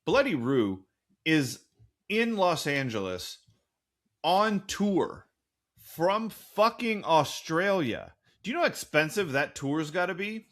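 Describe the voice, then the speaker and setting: A man's voice: on the high side, very animated, takes it slowly, a bit bright. A man co-hosting a podcast, recapping a TV episode in a casual, profane, sarcastic way. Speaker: podcast co-host.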